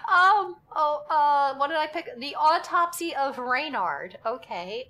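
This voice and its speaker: A woman's voice: high-pitched, lively intonation, slow pace, hardly any pauses, sharp tone. A young woman streaming a horror game live, talking to herself in a jittery, giggly way and swearing as she goes. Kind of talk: live gaming commentary.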